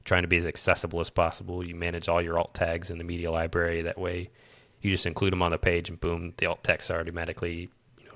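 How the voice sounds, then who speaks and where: A man's voice: deep voice, sharp tone, dry recording. A man with a Midwestern accent, co-hosting a casual tech podcast and explaining his project at a rambling pace with frequent restarts. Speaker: podcast co-host and developer.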